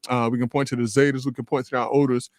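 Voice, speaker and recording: A man's voice: medium pitch, little pitch movement, fast, no echo, studio quality. Earnest male radio co-host. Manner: earnest, stumbling restarts, lists points in repeated phrases. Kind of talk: casual radio talk. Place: radio studio.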